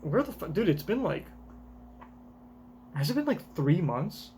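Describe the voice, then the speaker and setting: Male streamer, casual live reaction commentary; rambling, swears casually, unhurried. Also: on the high side, very animated, darkish tone, slight background noise.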